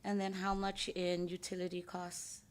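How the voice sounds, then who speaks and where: A woman legislator with a hoarse voice from cheering, raising her voice a little as she questions officials at a budget hearing. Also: on the low side, completely flat delivery, normal speed, slight background noise. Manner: raises voice to hear herself.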